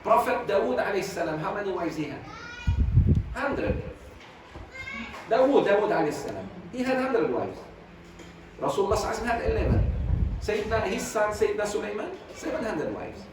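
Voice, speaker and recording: A man's voice: sits high, sing-song, a little fast, long pauses. Fiery man lecturing in an echoey hall. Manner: fiery, emphatic volleys of rhetorical questions; sprinkles Arabic religious phrases. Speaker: sheikh teaching Quran commentary. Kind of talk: religious class lecture. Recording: very echoey, distant mic, noisy.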